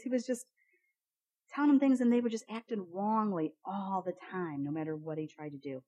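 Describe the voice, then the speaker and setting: A woman giving a casual, chatty devotional Bible teaching, often repeating "you know, the thing is" and jumping up in pitch when acting out quotes. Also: expressive, fairly quick, darkish tone, dull audio.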